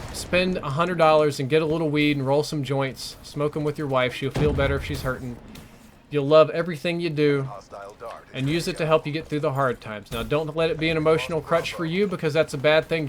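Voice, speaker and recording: A man's voice: fairly high pitch, noisy background. Blunt Southern man over game gunfire. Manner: blunt, earnest, swears freely. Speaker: gaming streamer. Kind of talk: live gameplay commentary with chat. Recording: game gunfire loud behind voice. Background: video game gunfire.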